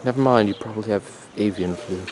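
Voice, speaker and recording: A man's voice: lowish voice, fairly quick, darkish tone. A man filming outdoors and narrating a mock nature documentary in a mock-serious, crude, rambling way. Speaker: narrator and camera operator. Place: outdoors in a neighborhood. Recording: outdoor camcorder audio with clear background noise.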